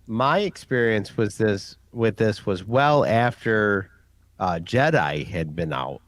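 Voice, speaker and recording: Chatty man in his forties, low voice. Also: expressive, slow pace, no room sound. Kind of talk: casual chat.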